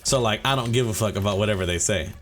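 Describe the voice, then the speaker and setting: A man's voice: on the low side, quick pace, fairly bright tone. A man hosting a gaming let's play, rambling and cursing casually with lots of filler words and joking swagger. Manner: mock-serious swagger mixed with jokes. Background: faint game music.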